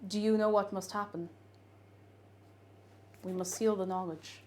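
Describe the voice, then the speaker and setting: Slight background noise sits under a woman's somewhat slow, Irish-accented voice as she chats playfully on her live stream. Between lessons on an Irish word of the day, she bursts into excited, high greetings for the chat, all through a desk microphone.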